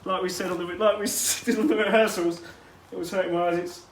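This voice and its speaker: Male fitness coach, higher voice, chatty instructive delivery with asides, outdoor take with light ambience. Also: steady tone, fairly quick, slight background noise. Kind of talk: guided workout instruction.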